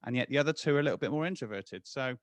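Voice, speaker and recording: A man's voice: medium pitch, very fast, no room sound. A man in his forties, a guest talking in a casual interview with lots of restarts. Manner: animated, restarts often.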